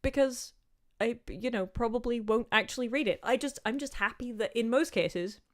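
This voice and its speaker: A woman in her thirties with a softened Northern Irish accent, chatting casually as she answers viewer questions on a livestream, rambling with plenty of "um" and "like". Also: fairly high pitch, normal speed. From Northern Ireland. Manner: chatty and rambling, with many "um" and "like" asides.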